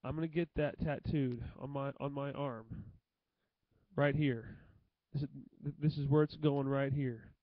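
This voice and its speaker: Halting young man in a dull dry recording. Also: medium pitch, fairly even intonation, no echo. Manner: halting, repeats phrases and restarts often. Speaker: vlogger. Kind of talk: emotional tribute monologue to camera.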